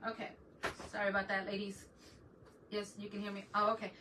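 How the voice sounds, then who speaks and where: A middle-aged DIY craft host speaks in a mid-range, monotone voice at a fairly quick pace. She hosts a casual livestream, chatting with viewers and laughing frequently as she works. There's faint background noise, and she's a bit far from the microphone.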